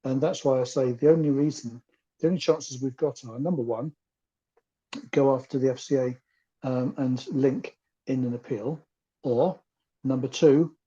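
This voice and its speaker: A man's voice: mid-range voice, mellow, breathy edge, muffled recording. A man explaining a point methodically and wryly in a campaign meeting. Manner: analytical, methodical, wry. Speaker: campaign group member.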